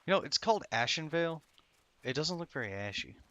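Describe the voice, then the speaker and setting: A man's voice: on the high side, big pitch swings, a little fast, bright, forceful tone, clear, resonant tone. A tired, sleepy man casually commenting on his gameplay to himself, rambling and swearing. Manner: rambling, profane, self-talking. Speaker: streamer playing an online game.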